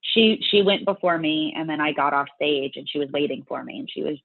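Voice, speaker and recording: Animated woman on a tinny line. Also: deep voice, brisk, no echo. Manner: animated, many restarts and fillers. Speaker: guest, bodybuilding competitor. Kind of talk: casual interview storytelling.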